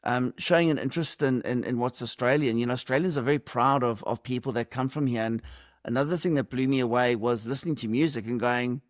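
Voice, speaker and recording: A man's voice: mid-range voice, fast, no echo, studio quality. Reflective man on a call. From South Africa. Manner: reflective, lightly humorous, many fillers. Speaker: podcast guest. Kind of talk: conversational interview answers. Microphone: video call.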